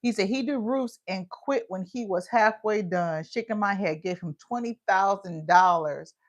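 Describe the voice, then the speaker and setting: A woman's voice: mid-range voice, moderate pace, dull audio. A woman co-hosting a livestream, chatting casually and teasing her partner. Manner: teasing, lively interjections. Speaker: livestream co-host. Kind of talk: casual banter.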